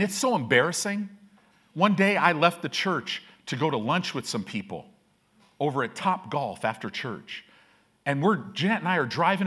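Lively conversational male preacher. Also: a little high. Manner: conversational, self-deprecating, asks "right?" often. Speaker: pastor. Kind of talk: sermon.

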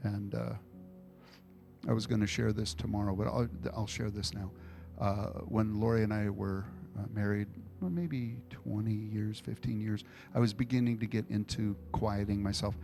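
A man's voice: on the low side, normal speed, gravelly, over music. A man preaching an informal sermon to a congregation, telling personal stories in a conversational way and taking questions. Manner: conversational storytelling, animated retellings. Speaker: pastor.

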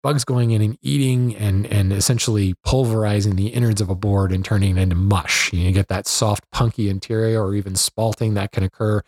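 Man, lowish voice, husky, casual woodworking lesson, dry close recording. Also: fairly quick, few pauses, no room sound. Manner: relaxed, conversational, with fillers and self-corrections. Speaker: woodworking instructor. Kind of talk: unscripted explanatory lesson.

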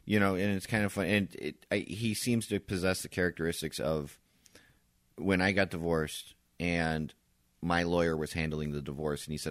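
A man's voice: low-pitched, normal speed, dry recording, clean studio sound. A man co-hosting a podcast, telling stories in casual chat and swearing freely. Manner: relaxed storytelling, swears freely. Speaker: podcast co-host.

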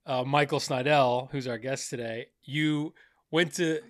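A man's voice: mid-range voice, fairly even intonation, unhurried, fairly bright tone, no room sound. Male podcast host, casual and rambling, stumbles through his lines, dry close mic. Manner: rambling, full of fillers and restarts.

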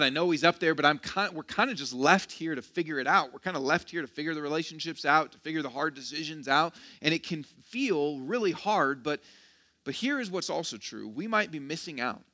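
A man's voice: on the high side, fairly quick, bright, forceful tone. A man preaching a sermon as pastor, casual and joking, with self-deprecating asides and frequent restarts. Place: church.

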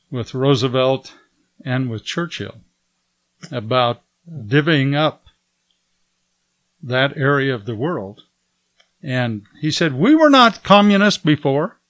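A man recounts a faith testimony at a slow, unhurried pace, his voice close and dry with no room around it. He chuckles often as he talks and lifts his voice whenever he quotes someone else. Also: mid-range voice, no room sound. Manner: relaxed storyteller who chuckles often and raises his voice when quoting others. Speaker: guest telling a faith testimony. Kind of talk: storytelling testimony.

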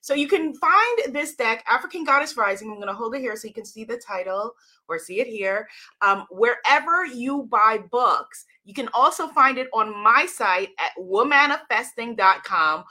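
A woman author hosting a live stream, chatting with viewers and greeting them by name with lively enthusiasm and frequent laughter. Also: on the high side, normal speed. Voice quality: bright, bubbly. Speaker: author and livestream host.

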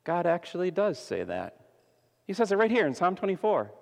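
A man preaching a sermon as pastor, dramatic, swinging between loud emphasis and hushed softness. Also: sits high, huge pitch swings, a little fast, gravelly. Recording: long hall reverb.

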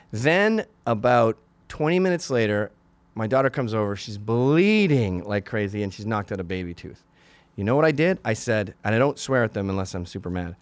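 A man in his forties rants through a crude comedic monologue, and his pitch swings widely. He bursts into loud outbursts now and then. The sound is dry and close to the mic. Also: animated, moderate pace, dry recording. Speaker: podcast host.

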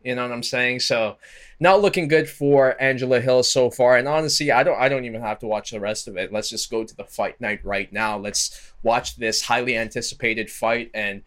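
A man hosting casual MMA video commentary, chatty and slangy with animated asides. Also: medium pitch, moderate pace.

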